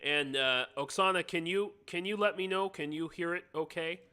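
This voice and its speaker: An American man hosts a relaxed live stream over a computer mic. His voice is very bright and sharp in tone. He chats loosely, cracks jokes and breaks off to fiddle with his audio settings. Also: fairly high pitch, moderate pace, smooth. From United States. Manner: chatty, joking, stops to fiddle with his sound setup. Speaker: livestream host. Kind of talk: casual live-stream chat.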